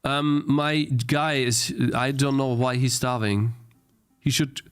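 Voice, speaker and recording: A man's voice: medium pitch, steady tone, slow, smooth, faint music behind. A young man streaming a game he is playing, thinking aloud, restarting his sentences and getting easily frustrated. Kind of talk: live-stream gameplay commentary.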